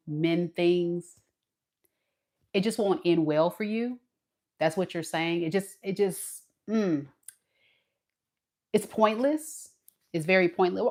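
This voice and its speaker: A woman with a slightly low voice talks through a tarot reading in a loose, chatty way. She speaks straight to the viewer and slips into dramatic asides as she acts out the other person's thoughts. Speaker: tarot reader. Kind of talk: casual tarot reading monologue.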